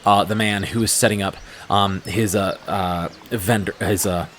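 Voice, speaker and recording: A man narrating as game master of a tabletop game, describing scenes in an unhurried way with frequent fillers. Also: low voice, fairly even intonation, a bit bright, a little hiss or hum.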